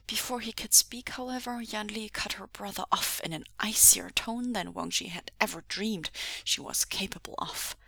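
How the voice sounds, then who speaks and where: A woman reading a fan story aloud in a breathy, half-whispered narration. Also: medium pitch, normal speed, hardly any pauses, sharp tone, dry recording. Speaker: podfic reader. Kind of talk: audiobook narration.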